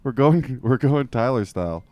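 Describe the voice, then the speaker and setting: A man's voice: medium pitch, lively intonation, normal speed, darkish tone, highs cut off. A young man in crude casual banter, joking, swearing and laughing often.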